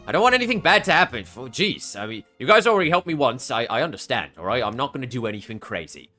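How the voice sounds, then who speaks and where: A man's voice: mid-range voice, sing-song, fast talker, sharp tone, soft background music. A man voicing a nervous, burly male prisoner who stammers when flustered. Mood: anxious.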